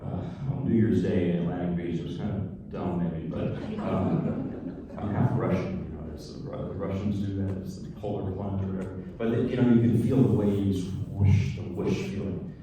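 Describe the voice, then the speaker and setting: A pianist speaking informally between pieces at a lecture recital, chatty and digressive, with frank asides. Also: male voice, sits low, moderate pace, background noise. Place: concert or recital hall. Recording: very echoey hall, voice far from mic.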